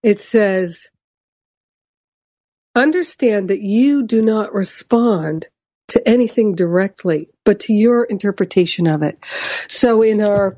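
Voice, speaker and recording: A woman giving a measured spiritual teaching talk, explaining ideas and often checking in with "right?". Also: medium pitch, lively intonation, mellow, no room sound, muffled recording.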